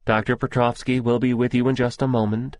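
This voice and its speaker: A man's voice: medium pitch, flat delivery, fairly quick, a little mellow, no echo, voice pushed up, natural voice. A man voicing a bored, dismissive female receptionist. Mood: curt. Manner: curt.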